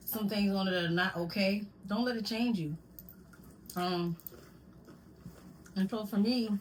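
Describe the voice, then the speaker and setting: Lady rambling to y'all on her vlog, mid pitch, little bit of room hiss. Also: poor audio. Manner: rambling, stumbles over words and restarts; addresses viewers with "y'all". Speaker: vlogger. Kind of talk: casual chat to camera. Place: home at night.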